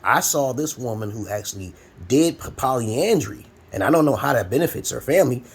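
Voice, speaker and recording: At home, with a fan running, a Brooklyn advice vlogger in his forties rambles through a blunt, preachy monologue full of profanity. His mid-range voice is animated, fairly quick and slightly rough.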